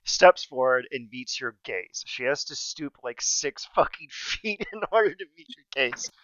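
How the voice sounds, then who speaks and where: A man runs a tabletop game as game master, narrating in a playful, casual way with lively ups and downs in his voice. He laughs often and swears loosely. The recording is dry and dull. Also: mid-range voice, measured pace, dry recording.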